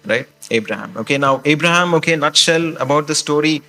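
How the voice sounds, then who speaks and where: A man's voice: a little high, fairly quick, pushed and bright, faint music behind. A male pastor preaching a sermon in a conversational way, often checking in with the congregation with questions and "okay?".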